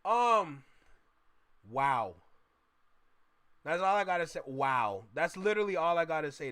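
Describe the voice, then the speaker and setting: A young man from Canada riffs through a live reaction stream, exclaiming and throwing in slang as he talks to his chat. His voice sits high and sounds bright and forceful. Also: unhurried, long pauses. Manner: animated, exclaiming, addresses chat with slang like bro. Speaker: reaction channel host. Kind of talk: casual live reaction commentary.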